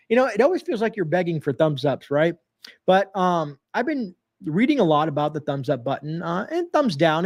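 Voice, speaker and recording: High-voiced folksy man hosting a livestream. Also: darkish tone. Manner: folksy, rambling, calls viewers folks; reads viewer comments aloud, greets chatters. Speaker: livestream host. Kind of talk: casual livestream chat.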